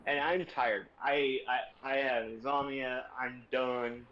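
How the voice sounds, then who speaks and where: A young man streaming, telling a story in a casual, sarcastic and profane way, speeding up in quick bursts. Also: mid-range voice, steady tone, a bit bright, muffled recording, a little hiss or hum.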